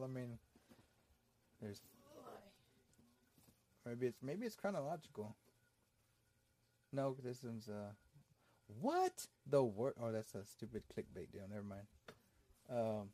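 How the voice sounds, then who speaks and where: Man host, loud, profane, jokey, mid-pitched voice, casual chat at home. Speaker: podcast host.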